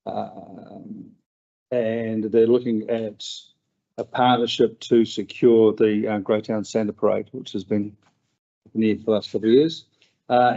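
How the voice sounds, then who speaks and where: A man giving a measured, halting report-back at a council meeting. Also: fairly low pitch, vocal fry, warm tone. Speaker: community board representative. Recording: dull lo-fi meeting recording.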